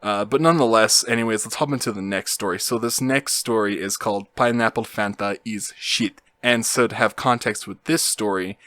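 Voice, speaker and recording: A man's voice: on the low side, moderate pace, hardly any pauses, a bit bright, no echo. A young man hosting his own channel and telling a story casually, rambling with lots of fillers. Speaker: YouTube host.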